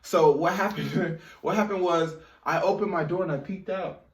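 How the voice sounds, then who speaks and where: A man's voice: sits high, normal speed, recorded from a distance. Chatty young man telling a story, echoey room. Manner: animated, chatty, addresses viewers directly. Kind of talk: casual story time.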